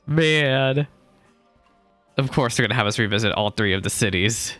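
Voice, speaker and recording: A man's voice: lowish voice, fast talker, fairly bright tone, dry recording, soft background music. A young man casually chatting over gameplay and reading dialogue aloud, sleepy and apologetic. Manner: chatty, apologetic, yawning and drowsy in the morning. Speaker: gaming YouTuber.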